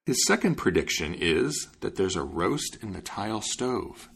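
A man voicing a crafty poor farmer in a fairy-tale reading, sly and deliberate. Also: sits low, sing-song, creaky, a bit bright, husky, exaggerated voice.

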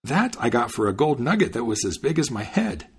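Naive, cheerful young man, delighted at every trade, husky and animated; a male narrator puts him on. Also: medium pitch, fairly quick, heavily acted.

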